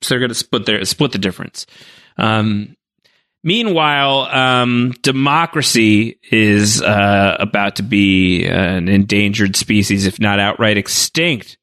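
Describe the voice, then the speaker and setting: A man with a bright, ringing voice chats casually on a podcast, recapping a movie with a joking edge. He keeps breaking into quick goofy voices for the characters while telling the story. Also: lowish voice. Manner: jokey, slips into quick silly character voices. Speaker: podcast co-host. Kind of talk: casual chat recapping a film.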